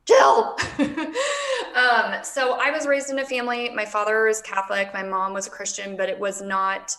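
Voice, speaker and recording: A woman's voice: medium pitch, fairly even intonation, normal speed, sharp tone. A woman in her thirties, a guest business coach in a casual interview, talking with feeling and near tears. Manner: emotional, close to tears while telling her story.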